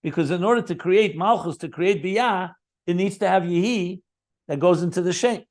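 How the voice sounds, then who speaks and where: A man's voice: sits high, moderate pace. A man teaching a Chassidic text, explaining it line by line, repeating key terms and adding enthusiastic asides. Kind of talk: Talmudic-style text study lesson.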